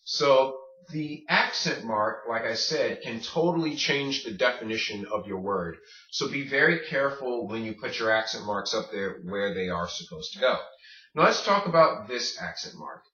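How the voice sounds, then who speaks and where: A man teaching a recorded Spanish pronunciation lesson, saying words slowly and repeating them. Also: medium pitch, animated, bright, forceful tone. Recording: echoey room, distant dull mic.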